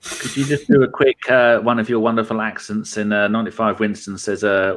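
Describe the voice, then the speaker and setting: A man's voice: on the low side, level tone, a little fast, fairly bright tone. A man hosting a live football podcast, reading out chat comments in a laid-back way, swearing and laughing often.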